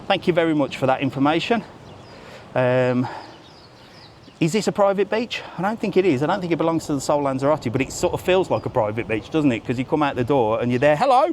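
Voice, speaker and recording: A man's voice: a little high, expressive, brisk, darkish tone, a little hiss or hum. A middle-aged man from England hosting a casual live stream as he walks outdoors, talking chattily, swearing freely and teasing passers-by. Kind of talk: casual live walkabout chat. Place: outdoors by a seafront road and beach.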